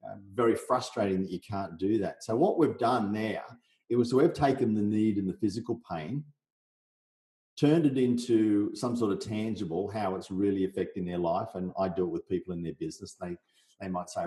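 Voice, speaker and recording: A man's voice: fairly low pitch, normal speed. A middle-aged man from Australia, a business coach guesting on a podcast, explaining his method with energy and acting out sales talks, in a roomy recording. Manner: energetic, role-plays sales conversations. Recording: roomy echo.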